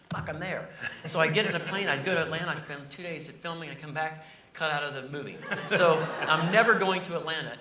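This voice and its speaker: A male comedian telling stories in a casual interview, animated and jokey. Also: on the high side. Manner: animated, jokey, acts out voices. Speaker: comedian guest. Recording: roomy, distant mic, noisy.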